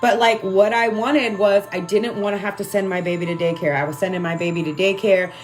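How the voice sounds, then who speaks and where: A woman's voice: medium pitch, steady tone, brisk, soft background music. A woman speaking candidly and emotionally to her livestream viewers about spiritual growth, swearing freely and often asking "right?". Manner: conversational, keeps asking "right?". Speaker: spiritual self-help vlogger.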